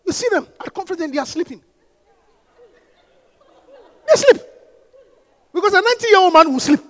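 High-voiced man preaching a sermon. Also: expressive, normal speed, some chatter behind. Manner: repetitive, call-and-response preaching; rises to impassioned shouting. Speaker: pastor.

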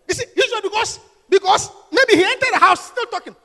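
A male pastor delivers a lively sermon in an unusually high, bright voice, acting out little scenes as he goes. His pitch swings widely as he talks. The sound rings out with a long hall echo. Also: quick pace, creaky. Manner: animated, acts out scenes in character voices.

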